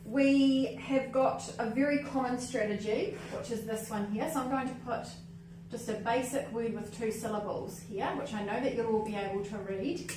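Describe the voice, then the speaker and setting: A woman's voice: on the high side, fairly even intonation, moderate pace. A woman leading a hands-on teaching workshop as a literacy trainer, upbeat and often checking in with "okay?" and "cool?". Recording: echoey room, mic at a distance, faint noise.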